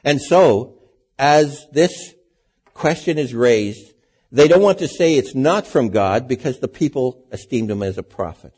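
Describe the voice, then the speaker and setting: A man's voice: medium pitch, animated, a little slow, darkish tone, breathy edge. A man preaching a sermon in a conversational way, asking his listeners rhetorical questions.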